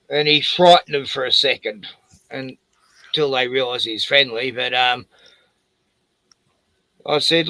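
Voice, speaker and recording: Host: Australian man, swearing storyteller, bright close dry voice. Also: mid-range voice, normal speed, no room sound. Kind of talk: casual chat.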